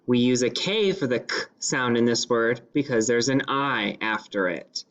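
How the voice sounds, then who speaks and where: A male teacher leading a phonics lesson, sounding out each word slowly and deliberately. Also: medium pitch, a bit bright. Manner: slow, deliberate sounding-out of words. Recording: slightly dull lo-fi classroom recording.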